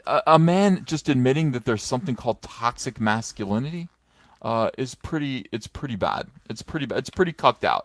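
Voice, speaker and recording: A man's voice: mid-range voice, gravelly, no echo. A middle-aged man giving sarcastic, mocking commentary in a rambling way with many fillers, recorded on a phone on a stand. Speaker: comics commentator. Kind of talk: casual commentary vlog.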